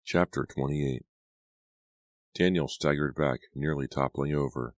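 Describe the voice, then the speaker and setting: A man reading an audiobook aloud, with measured, dramatic narration. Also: a bass voice, steady tone, no room sound, studio quality.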